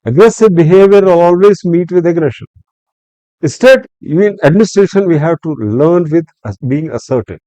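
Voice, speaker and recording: A man's voice: sits high, moderate pace, dry recording, rough recording. An older man with an Indian English accent, a retired civil servant telling stories in a podcast interview, acting out his own angry words and drawing lessons from them. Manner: animated, acts out angry quotes, lecturing.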